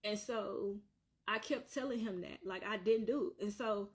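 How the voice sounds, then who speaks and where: A woman's voice: medium pitch, a little slow, slightly rough. Earnest woman retelling a hard story. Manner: repetitive, earnest, circling back on points. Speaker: vlogger telling her own story. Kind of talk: emotional personal storytelling.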